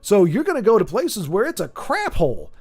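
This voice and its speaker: Rambling, high-voiced man streaming. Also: brisk, breathy edge. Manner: rambling, animated, jokey, often restarts sentences. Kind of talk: casual chat on a livestream.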